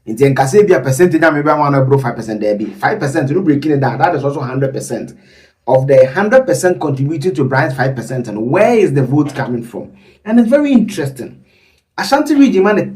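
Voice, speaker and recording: Rambling animated man, distant mic. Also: a little high. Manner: rambling, animated, breaks into asides. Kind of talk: casual commentary on poll data.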